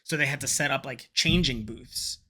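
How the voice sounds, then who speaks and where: A man's voice: medium pitch, moderate pace, bright, forceful tone, slightly rough. A man vlogging, telling a rambling, profane story in a casual chat to camera and slipping into quoted voices.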